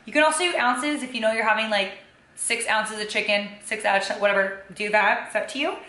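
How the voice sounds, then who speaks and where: Her mid-range voice sounds pushed and bright, moving fairly quickly as this young fitness vlogger walks through cooking and food tracking at home. She speaks loosely with lots of "um" and "kinda," in an echoey kitchen with faint ambience.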